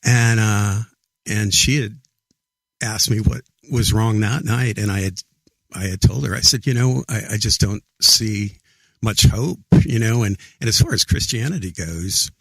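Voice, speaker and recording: A middle-aged man, a podcast guest, earnestly recounting a personal story in a halting way, often repeating his words. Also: lowish voice, gravelly, fairly bright tone, no echo. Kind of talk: casual storytelling interview.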